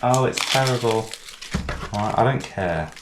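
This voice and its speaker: A man talks his way through a home cooking vlog. He rambles, mocks himself and swears freely, in a mid-range voice. The kitchen is echoey, and pots and cutlery clatter loudly in the background. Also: medium pitch, animated, unhurried, very noisy. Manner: rambling, self-mocking, swears a lot. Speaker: cooking channel host.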